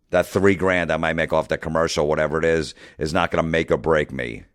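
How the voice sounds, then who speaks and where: A middle-aged comedian rants in a profane, exasperated monologue, replaying old arguments in quick back-and-forth. His voice sits extremely low. The sound is dry and close, with no room around it. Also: fairly even intonation, dry recording. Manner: profane, exasperated, re-enacts conversations. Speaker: comedian podcast host. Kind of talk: ranting monologue.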